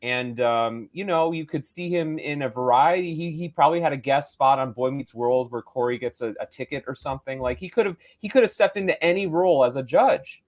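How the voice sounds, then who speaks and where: A man's voice: medium pitch, brisk, hardly any pauses. Opinionated man reviewing movies. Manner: opinionated, rambling, playful. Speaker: podcast co-host. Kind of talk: casual movie review chat.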